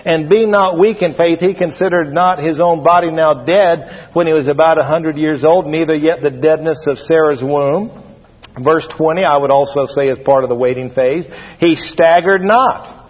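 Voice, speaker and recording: A man's voice: fairly high pitch, fairly even intonation, normal speed. A man preaching a sermon to a congregation, emphatic and repetitive, calling for their responses. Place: church before a congregation. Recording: dull lo-fi sound with long hall reverb.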